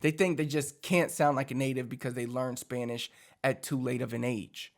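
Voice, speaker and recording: A man's voice: mid-range voice, moderate pace, creaky. A man from Puerto Rico, teaching in a casual, chatty way full of fillers, as a language coach. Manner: animated, chatty, many fillers like "like".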